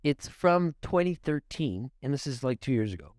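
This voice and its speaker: A man from Canada telling stories as a guest in a podcast interview, animated and swearing often, with laughs. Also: mid-range voice, moderate pace, no room sound, studio quality. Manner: animated, profane, laughing storyteller. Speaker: realtor guest. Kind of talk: casual podcast storytelling. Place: podcast studio.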